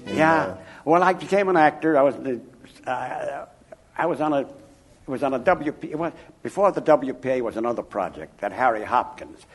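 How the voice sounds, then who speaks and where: An older man from Chicago, an author interviewed about his life, telling anecdotes in an emphatic, animated way. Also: mid-range voice, moderate pace. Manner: animated, emphatic, chuckling raconteur. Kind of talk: anecdotal storytelling.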